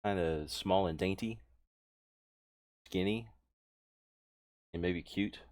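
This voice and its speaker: A man running a tabletop game as game master, explaining things patiently and gently. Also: sits low, slow pace, no room sound, clean studio sound.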